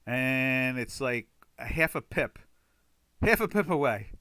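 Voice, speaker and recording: A man hosting a live trading webinar in a chatty, rambling way, now and then exclaiming loudly. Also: mid-range voice, lively intonation, slow, smooth, dry recording. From United States. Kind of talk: casual live webinar talk.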